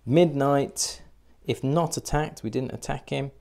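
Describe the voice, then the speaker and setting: Slow, gravelly man thinking aloud. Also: mid-range voice, darkish tone. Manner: thinking aloud, hesitant with fillers. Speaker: board game player. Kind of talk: solo board game playthrough narration.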